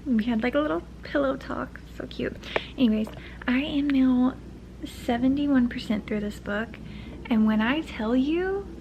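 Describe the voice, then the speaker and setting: A young woman chatting in a casual reading vlog from her bed, dramatic and gushing, often dropping into a hushed half-whisper. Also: sits high, unhurried, gravelly, highs cut off, noisy background. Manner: dramatic, gushing, repeats herself. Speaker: book vlogger. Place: bedroom, in bed.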